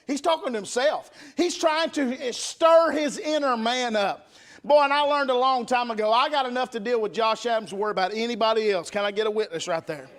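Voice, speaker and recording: Preacher guy, pretty high voice, punchy revival sermon in church. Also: fairly bright tone. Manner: emphatic, call-and-response preaching. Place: church sanctuary.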